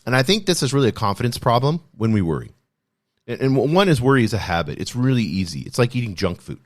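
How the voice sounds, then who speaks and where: Man podcast host, thirties, earnest, conversational, mid-pitched voice. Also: very animated, quick pace. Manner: earnest, conversational, repeats "you know" and restarts. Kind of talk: solo motivational podcast talk.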